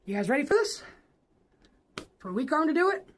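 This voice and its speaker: Man doing a high squeaky streamer persona, brash and foul-mouthed, with a lively, bouncy pitch. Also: fairly quick. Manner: brash, swearing, teasing the chat. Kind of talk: live workout stream chat.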